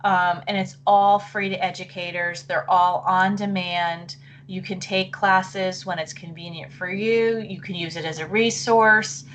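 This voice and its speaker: Speaking a little slowly in a lowish, a bit bright voice with a steady tone, a middle-aged woman presents a live online session for teachers. She chats apologetically and thinks aloud as she clicks through, her voice wavering and interrupted by throat-clearing, over a little hiss or hum.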